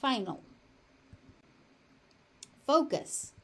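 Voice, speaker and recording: Female pronunciation teacher, General American accent, slow and deliberate, repeats each word. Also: sits high, expressive. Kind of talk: pronunciation lesson with repeated words.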